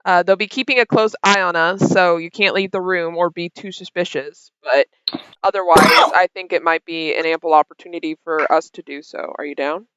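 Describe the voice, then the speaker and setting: Gm lady narrating the game, smooth voice, kinda muffled recording. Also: fairly even intonation, moderate pace, fairly bright tone, no room sound. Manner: voices characters with sudden high-pitched outbursts. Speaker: game master.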